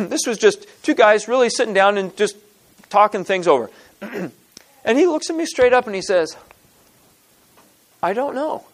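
A man with a rather high voice speaks to a group in a loose teaching style. He restarts his sentences often, clears his throat between points and presses his listeners with rhetorical questions. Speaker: speaker at a church teaching session. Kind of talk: informal teaching talk.

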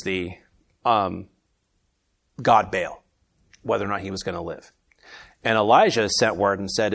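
A man leading a casual Bible study, reading scripture aloud with more force and then commenting in a low, easygoing aside. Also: gravelly. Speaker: Bible teacher.

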